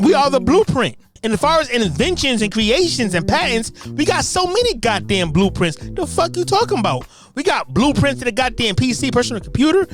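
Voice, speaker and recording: A high-pitched American voice swings wildly up and down through a loud, profane, combative rant, while clear music plays underneath. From United States. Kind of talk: ranting monologue.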